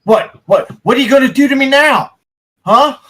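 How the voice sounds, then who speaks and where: A man's voice: extremely high pitch, lively intonation, moderate pace, voice pushed up, exaggerated voice. A man playing a furious betrayed young guard. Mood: bewildered. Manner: shouting, accusing. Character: angry betrayed young male town guard.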